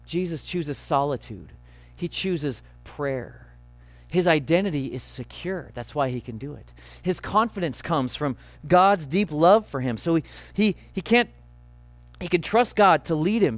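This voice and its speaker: Male pastor, sermon delivery, emphatic and earnest, high voice, dry sound. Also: no room sound. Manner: earnest, emphatic, slowing on key phrases.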